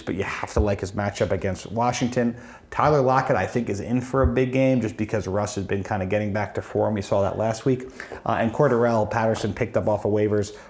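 A man's voice: on the low side, darkish tone. A man co-hosting a fantasy football podcast, talking through matchups in a chatty, analytical way with frequent ums. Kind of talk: casual sports chat.

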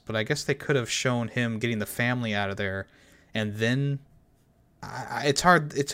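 A man's voice: medium pitch, fairly bright tone, clean tone. A man talking casually about a movie with friends, rambling with many fillers and restarts. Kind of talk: casual film discussion.

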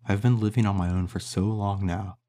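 A man's voice: low voice, fairly even intonation, a little fast, mellow, close to an everyday voice. A man voicing a young man who speaks earnestly and confessionally to the woman he loves.

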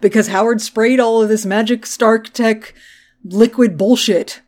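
Woman on a podcast recapping a show, swears a lot, laughs, quick loose storytelling. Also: fairly high pitch, fairly even intonation, darkish tone. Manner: profane, laughing, quick retelling with quoted voices. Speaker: podcast co-host.

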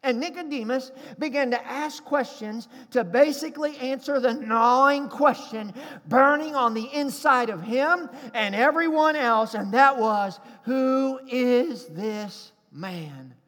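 High-pitched preaching man in a reverberant hall. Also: measured pace, sharp tone. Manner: emphatic preaching, calls for congregation response. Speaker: pastor. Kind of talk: sermon.

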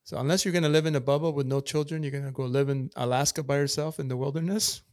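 A man's voice: mid-range voice, fairly even intonation, quick pace, a little mellow, dry recording, clean studio sound. A man in a casual podcast chat, talking earnestly and repeating his key points like a preacher.

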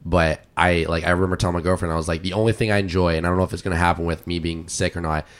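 A man co-hosting a casual podcast chat while sick, his voice deep and rough, rambling and laughing often. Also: fairly even intonation, very fast. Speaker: podcast co-host.

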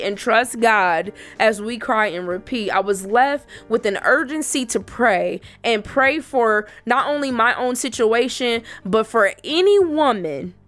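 A woman giving a personal faith testimony to other women. She speaks earnestly and emphatically, repeating herself for emphasis. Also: mid-range voice.

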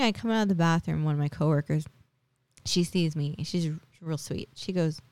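A woman's voice: on the low side, moderate pace, a little mellow, clean tone, no room sound. A woman in her forties hosting a podcast, telling a personal story in a chatty, casual way full of tag questions and fillers. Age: 40s. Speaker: podcast host.

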